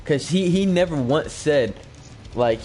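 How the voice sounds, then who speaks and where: A man's voice: on the high side, lively intonation, measured pace, a little mellow, faint music behind. A young man, a gaming YouTuber, telling a casual story into a new microphone. He rambles, fills his talk with "like", and acts out the quoted lines. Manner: rambling, heavy on "like" fillers. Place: at home, streaming live while gaming. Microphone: new desk microphone.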